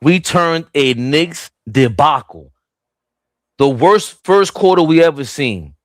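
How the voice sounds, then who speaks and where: A man's voice: a little high, slow pace, no echo. A young man doing casual live play-by-play on a fan stream, talking straight to the chat. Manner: excitable, voice jumps up when the action heats up.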